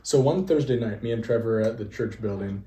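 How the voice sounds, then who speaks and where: A man's voice: lowish voice, a little fast. A young man co-hosting a podcast, telling stories casually, laughing often and acting out the dialogue. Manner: lively, laughs often, acts out quoted dialogue. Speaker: podcast co-host. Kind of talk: casual storytelling. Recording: echoey room.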